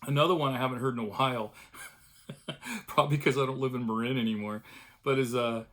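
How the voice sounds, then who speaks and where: A man's voice: mid-range voice, a little fast, fairly bright tone. A middle-aged man talking casually and at length in a home vlog, chatty and self-deprecating. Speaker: vlogger, cartoonist. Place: home studio room.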